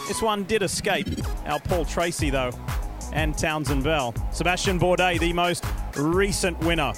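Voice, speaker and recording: An Australian man hosts a live racing broadcast with upbeat emcee patter. His voice sits high for a man, with faint music playing behind him. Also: measured pace. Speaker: broadcast host. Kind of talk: live motorsport broadcast hosting.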